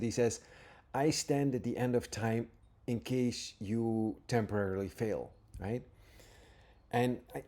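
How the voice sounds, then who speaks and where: Low, mellow man giving an earnest spiritual talk. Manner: earnest, repeatedly asks "right?"; reads passages aloud, pauses to reflect. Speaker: spiritual teacher. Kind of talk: informal spiritual talk with readings.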